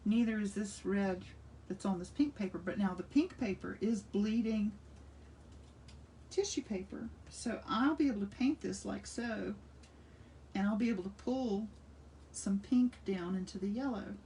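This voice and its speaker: Older woman art teacher, chatty and enthusiastic, mellow tone, slightly off-mic with faint hum. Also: mid-range voice, a little slow, recorded from a distance. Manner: chatty and enthusiastic, thinking aloud while working. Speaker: art instructor. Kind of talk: casual craft demonstration.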